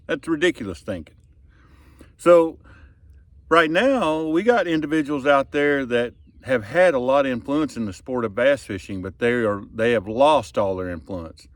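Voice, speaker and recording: A middle-aged man talks to his camera in a relaxed, folksy vlog manner. His earnest drawl often drops off to a softer tone at the ends of phrases. His voice sits at an ordinary middle pitch, and the sound is dry, with no echo around it. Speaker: fishing vlogger and tournament angler. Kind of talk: casual storytelling to camera. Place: outdoors on a boat on a river.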